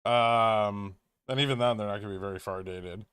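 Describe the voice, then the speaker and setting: A man's voice: fairly low pitch, normal speed, fairly bright tone, clear, resonant tone, no echo. Dry, offhand man on a livestream. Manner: offhand and wry, thinks aloud with restarts. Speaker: stock trading livestream host. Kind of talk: casual livestream chat answering viewer questions.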